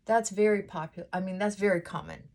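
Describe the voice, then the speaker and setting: A woman vlogger chatting casually while getting ready, talking things through in a thoughtful, unhurried way with frequent pauses and fillers. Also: mid-range voice, a little mellow. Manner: unhurried, reflective, thinking aloud.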